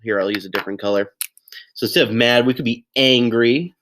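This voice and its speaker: A man's voice: medium pitch, brisk, fairly bright tone. Upbeat man teaching young kids. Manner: upbeat, encouraging, with playful exclamations. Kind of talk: recorded lesson for young children.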